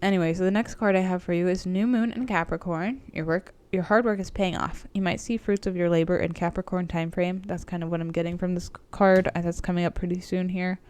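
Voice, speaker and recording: A woman's voice: lowish voice, steady tone, a little fast, few pauses, darkish tone, smooth. A woman with a cold giving a casual, meandering tarot reading to her viewers, with lots of "like" and "um". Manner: chatty, meandering, frequent "like" and "um". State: sick with a cold. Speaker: tarot reader and coach.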